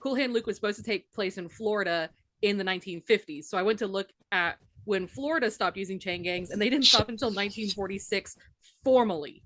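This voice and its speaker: A woman's voice: mid-range voice, brisk, fairly bright tone. A woman co-hosting a podcast, chatty and joking. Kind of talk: casual podcast chat.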